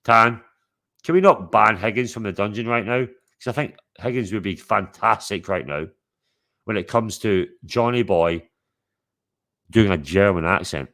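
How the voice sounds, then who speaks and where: A man's voice: lowish voice, measured pace, a bit bright. A man hosting a livestream, chatting casually to his chat, teasing and swearing freely. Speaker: livestream host.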